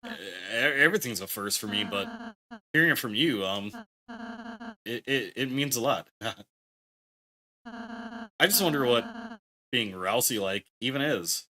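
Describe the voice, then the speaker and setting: Man voicing a soft shy young goat prince. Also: mid-range voice, sing-song, measured pace, long pauses, crowd noise, rough recording. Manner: soft-spoken, hesitant, stammering. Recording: faint game music behind.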